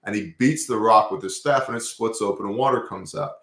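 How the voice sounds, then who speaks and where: A man hosting a casual talk about scripture, telling stories in an animated, profane way. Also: fairly low pitch, a little fast, roomy sound.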